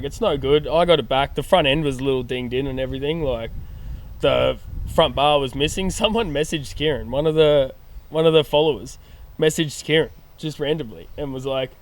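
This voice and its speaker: A young Australian man tells a story on a casual podcast, his voice a touch higher than most men's. He swears freely and acts out both sides of the conversation as he goes. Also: fairly quick. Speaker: podcast guest.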